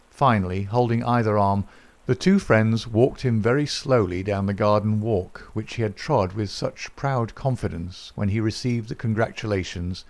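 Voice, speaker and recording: Man narrating an old detective audiobook, lowish voice, steady and even. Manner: steady, even storytelling delivery. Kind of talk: scripted narration.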